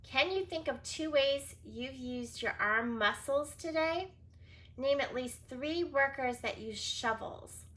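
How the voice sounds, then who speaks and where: Speaking slowly in a high, fairly bright voice, a woman teacher leads a recorded reading lesson for young children. She encourages them with frequent praise while sounding out words and spelling each one letter by letter.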